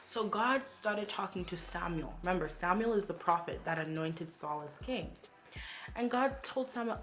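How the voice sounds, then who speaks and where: A woman's voice: fairly low pitch, expressive, normal speed, a little hiss or hum. A woman leading a Bible read-along, reading aloud and adding emphatic commentary full of rhetorical questions. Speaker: Bible study vlogger.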